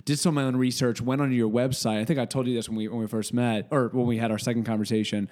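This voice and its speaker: A man's voice: mid-range voice, steady tone, quick pace, hardly any pauses, a little mellow. A man hosting a podcast, chatting casually and rambling with restarts, recorded at a home kitchen table. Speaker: podcast host.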